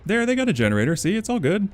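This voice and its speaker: A man's voice: sits high, big pitch swings, rapid-fire, faint music behind. A man live-streaming a game as the killer, chatting casually, giggling often and mocking himself.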